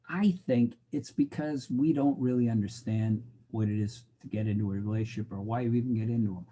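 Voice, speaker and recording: A man's voice: mid-range voice, fairly even intonation, brisk, mellow, breathy edge, muffled recording. A middle-aged man lecturing a college class in a wry, joking way. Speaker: college instructor. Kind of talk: recorded lecture.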